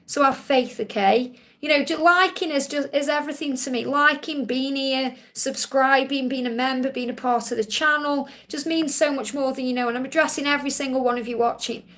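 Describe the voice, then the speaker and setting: A woman's voice: high-pitched, fairly even intonation, brisk, hardly any pauses, a bit bright. A woman hosting a live Q&A, giving spiritual readings in a soothing, reassuring way. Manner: soothing, reassuring, repeats phrases. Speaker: psychic reader hosting a live Q&A.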